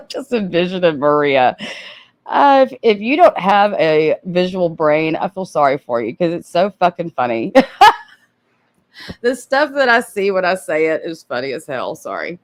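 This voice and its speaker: A woman's voice: lowish voice, sing-song, unhurried, pauses often. A woman hosting commentary on a live stream, sarcastic and often laughing, with casual swearing.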